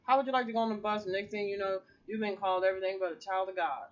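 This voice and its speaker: A woman's voice: medium pitch, fairly even intonation, very fast. Rambling, profane woman on lo-fi video. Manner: rambling, profane, laughs often. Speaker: vlogger. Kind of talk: casual rambling vlog monologue.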